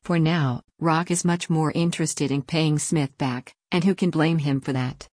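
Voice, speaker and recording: A woman reading an opinion column aloud in a steady, measured way, leaning on rhetorical questions. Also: low voice, no echo, clean studio sound. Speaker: article reader.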